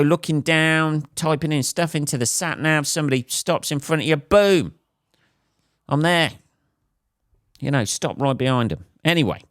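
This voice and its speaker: Low-voiced, sweary English comedian rambling. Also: male voice, no room sound, studio quality. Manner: profane, self-mocking storytelling with frequent fillers. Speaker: comedian and podcast host. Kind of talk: rambling solo podcast monologue. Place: at home late at night after a gig.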